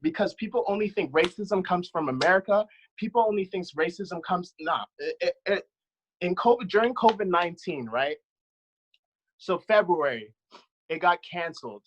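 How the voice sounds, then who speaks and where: Impassioned, blunt man with a higher voice. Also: expressive, normal speed, poor audio. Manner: impassioned, blunt, swears freely. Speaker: panelist. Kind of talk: panel discussion, personal account.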